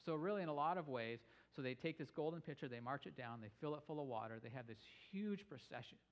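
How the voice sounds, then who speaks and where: A man's voice: fairly high pitch, fast talker, lo-fi sound. A man preaching a sermon on scripture, telling the story with energy and raising his voice for emphasis. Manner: animated storytelling, rising with emphasis. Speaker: pastor. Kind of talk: sermon teaching.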